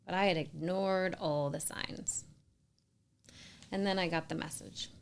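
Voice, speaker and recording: Woman, 30s, scripted first-person narration, low register with heavy fry, earnest and emphatic, occasional whispered asides. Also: steady tone, a little slow, slight background noise. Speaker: storyteller sharing a personal experience.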